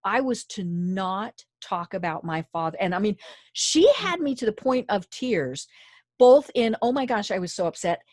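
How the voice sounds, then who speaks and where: A woman host chatting and telling a personal story, animated and quick to laugh. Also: mid-range voice, no echo, clean studio sound. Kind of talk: conversational storytelling.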